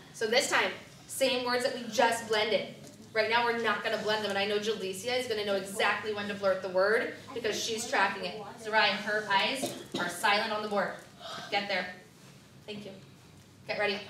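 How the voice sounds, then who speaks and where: A woman teaching first graders to blend words, with clear, directive prompts and counting down. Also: mid-range voice, fairly even intonation, normal speed, sharp tone. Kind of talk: classroom reading lesson. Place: classroom. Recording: echoey classroom from far off, children around.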